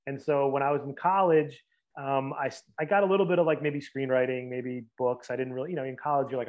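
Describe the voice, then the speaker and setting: Fast-talking man in casual interview. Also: medium pitch, phone-quality sound. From Boston area and New Jersey. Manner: quick, rambling, with many fillers and restarts. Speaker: guest, writer.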